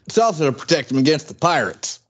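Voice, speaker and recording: A man with a slightly raised pitch drops dry, jokey asides into a podcast movie chat. His interjections are short and wry, often ending in a laugh. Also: sing-song, fast talker, breathy edge. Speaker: podcast co-host. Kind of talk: casual movie commentary chat.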